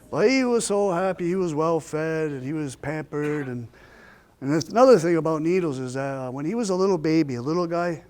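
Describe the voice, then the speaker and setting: A man telling a family story in a lively, folksy storytelling style, with shifting pace and dramatic pauses. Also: a little high. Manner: homespun, folksy phrasing. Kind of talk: oral storytelling.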